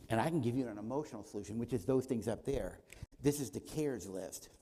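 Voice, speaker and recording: A man's voice: medium pitch, brisk, warm tone, breathy edge, long reverb tail. A man giving a teaching talk at a church conference, posing rhetorical questions and answering them himself, with short acted dialogues. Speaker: conference speaker. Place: church auditorium.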